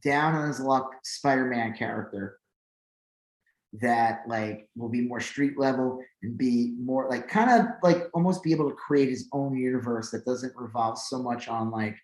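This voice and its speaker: A man's voice: mid-range voice, normal speed. Guy co-hosting a podcast, rambles a lot with likes and ums, roomy echo. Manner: rambling, filler-heavy, animated when excited. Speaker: podcast co-host. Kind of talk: casual chat. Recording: echoey room.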